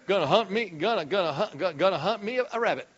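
A man voicing an eager hunter in a soft, mumbling cartoon drawl. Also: high voice, expressive, fast talker, highs cut off, noisy background, pitched below the performer's own voice. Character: eager male hunter talking like Elmer Fudd.

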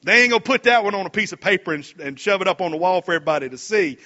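Man, pastor, high voice, folksy, slow scripture reading, muffled recording. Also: animated, bright, forceful tone. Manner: folksy, reads scripture slowly and comments between verses. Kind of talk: sermon.

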